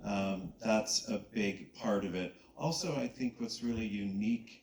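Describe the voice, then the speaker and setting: Producer guy talking real slow and measured, echoey hall. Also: fairly low pitch, a little mellow. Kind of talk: panel discussion answer. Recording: echoey hall with faint noise.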